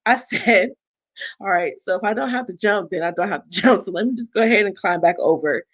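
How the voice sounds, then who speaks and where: Young adult woman guest, animated storyteller, mid-range pitch, dry mic. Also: a little fast, no echo. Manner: animated, acts out quoted dialogue with big pitch swings. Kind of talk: personal storytelling.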